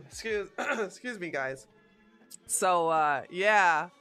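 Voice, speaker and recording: Chatting candidly with her viewers, this livestream host reads their comments aloud, laughing and restarting often. She speaks very slowly at medium pitch with lively intonation and a slightly bright tone, over soft background music.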